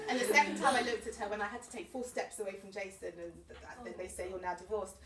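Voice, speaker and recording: A woman in her forties giving a heartfelt, halting thank-you speech at her birthday party, often breaking into laughter. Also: a little high, very animated. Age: 40s. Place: large room or hall at a party. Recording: echoey hall from far off, crowd behind.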